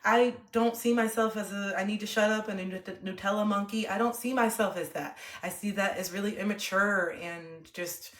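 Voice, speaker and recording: A young woman livestreamer talking to her chat in a calm, earnest, open way. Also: medium pitch, normal speed, few pauses. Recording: roomy echo.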